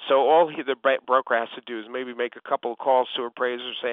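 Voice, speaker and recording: A man's voice: medium pitch, fairly even intonation, fast, few pauses, no room sound. A man acting as a real estate coach, giving instructive advice on a call and often addressing the listener by name. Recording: tinny phone line, dry.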